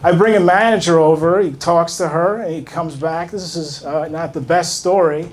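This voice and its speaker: A man doing a stand-up set in a comedy club, halting and awkward with many fillers and restarts. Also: a little high.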